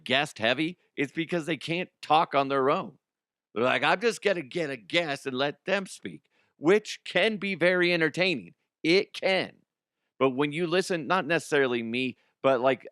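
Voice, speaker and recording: Host of a sports talk show, a man who rambles and laughs at himself in casual chat. His voice is bright and forceful and sounds dry and close to the mic. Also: medium pitch, clean tone, no echo. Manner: rambling and self-mocking, laughs often.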